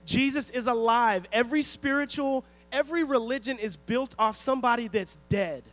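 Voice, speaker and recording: A man's voice: very high-pitched, normal speed, a bit bright, poor audio. A man preaching a sermon, emphatic and storytelling, who often asks the congregation rhetorical questions. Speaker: pastor.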